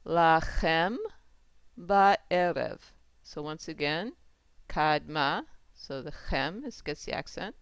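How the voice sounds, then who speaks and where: A teacher calmly explaining Torah chanting marks, repeating each rule and checking in with the learner. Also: mid-range voice, a little slow, clean tone, dry recording. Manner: patient, repeats rules and checks with "right?". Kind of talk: step-by-step lesson with sung examples.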